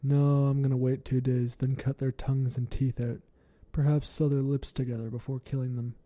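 A man voicing a cruel duke who speaks with held-back, low intensity. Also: flat delivery, moderate pace, dark tone, natural voice. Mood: intense. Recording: rumbling background noise.

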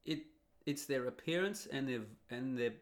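A man's voice: medium pitch, moderate pace. An Australian man with an Australian accent, giving a blunt, rambling solo monologue full of fillers and restarts. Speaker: vlogger.

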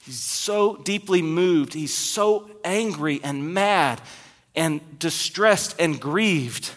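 High-voiced male pastor preaching. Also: slow pace, in a large hall. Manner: storytelling, shifts between loud emphasis and quiet asides. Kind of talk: sermon.

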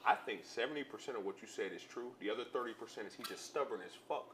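A young man co-hosting a podcast in casual sports talk, teasing, profane and quick to laugh. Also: mid-range voice, a bit bright. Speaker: podcast co-host. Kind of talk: casual sports and music chat. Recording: roomy echo, faint room noise.

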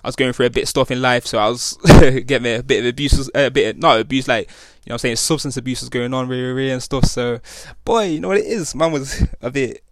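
A man's voice: mid-range voice, fast, few pauses, dry recording. A young man, hosting a podcast and telling a rambling story in slang, full of restarts and tag questions. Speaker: podcast host. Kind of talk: casual storytelling monologue.

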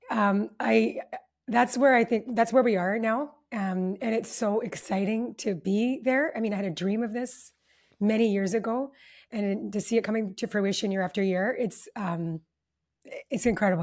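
A woman guest in a podcast interview, talking warmly and gratefully with frequent ums. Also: mid-range voice. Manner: warm, grateful, hesitant with ums. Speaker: guest, event founder. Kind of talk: casual interview chat.

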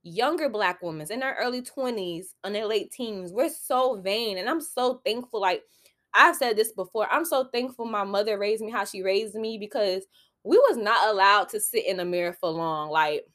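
A woman's voice: mid-range voice, normal speed, a bit bright. A young woman, hosting a solo podcast and giving candid, preachy advice full of "like" fillers. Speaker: podcast host.

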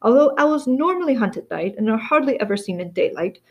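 A woman voicing a formal, smooth male TV newscaster in an audiobook reading. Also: on the high side, lively intonation, a little fast, highs cut off. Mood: announcing.

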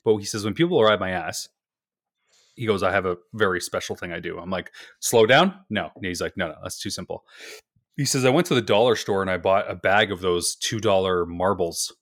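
Speaking fairly quickly in a deep, slightly bright voice, this Canadian podcast co-host spins stories through a profane, exasperated rant. It's casual chat, captured in a clean studio with no echo.

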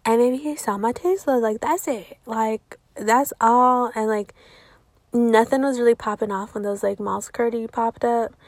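Blunt, foul-mouthed young woman, bright voice. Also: a little high, fairly even intonation, moderate pace, dry recording. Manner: profane, filler-heavy talk with constant "like"; blunt and outspoken. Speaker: vlogger telling a personal story. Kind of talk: casual storytime monologue.

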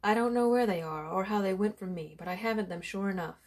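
A woman's voice: medium pitch, fast talker, lightly acted. A woman voicing a bewildered, indignant village man who protests and pleads.

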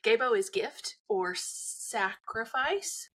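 Husky, dryly teasing woman guest. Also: on the high side, lively intonation, slow, fairly bright tone. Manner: blunt, dryly teasing explainer. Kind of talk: casual chat.

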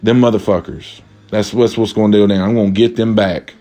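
A man voicing a dim-witted young male would-be robber in a low, dopey mumble. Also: steady tone, brisk, mellow, lightly acted. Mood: scheming.

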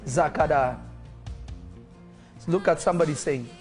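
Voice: mid-range voice, soft background music. Fervent preacher speaking in tongues. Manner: commanding declarations mixed with speaking in tongues; rising to loud fervent peaks, then dropping to quick murmurs. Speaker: pastor. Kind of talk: live-streamed deliverance prayer.

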